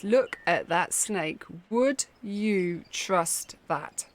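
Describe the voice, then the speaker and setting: A woman's voice: medium pitch, animated, very slow, few pauses, a little hiss or hum. Chatty woman gaming. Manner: chatty, sarcastic asides. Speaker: gaming streamer. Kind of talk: let's play commentary.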